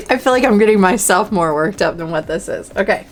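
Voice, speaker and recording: A woman's voice: medium pitch, lively intonation, fast talker, over music. A woman hosting a budgeting channel, chatting casually to camera while playing a dice game, talking to herself and counting aloud.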